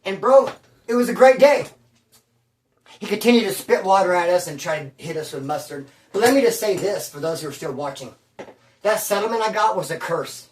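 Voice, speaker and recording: A man from Bakersfield telling prison stories at home, animated and slangy, calling the listener bro and dude. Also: high voice, fairly quick, distant mic. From Bakersfield, California. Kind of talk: casual storytelling. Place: at home, indoors. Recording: roomy room, from off mic.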